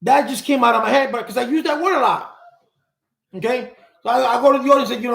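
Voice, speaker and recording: High-voiced gravelly man with echo. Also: a little fast, a bit bright. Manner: rambling, repeats words while searching for them. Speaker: live stream host. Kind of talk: live chat commentary reading viewer comments. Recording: echoey room.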